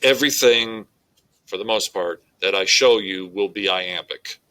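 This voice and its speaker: A man's voice: fairly low pitch, measured pace, pushed and bright, poor audio. A male English teacher giving a methodical, explanatory recorded lecture on poetry.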